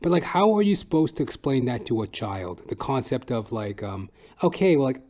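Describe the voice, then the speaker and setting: A man's voice: very animated, moderate pace, dark tone. A man hosting a comedy podcast, rambling and swearing through a solo monologue. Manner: profane, rambling, jumps into high silly voices. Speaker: podcast host.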